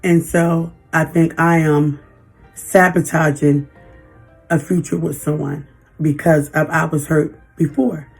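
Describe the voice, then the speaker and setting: A woman in her fifties venting in a personal vlog, halting and emotional, holding back tears. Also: deep voice, fairly even intonation, vocal fry, darkish tone, slightly rough, faint music behind. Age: 50s. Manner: emotional, halting, frequent restarts. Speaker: vlogger.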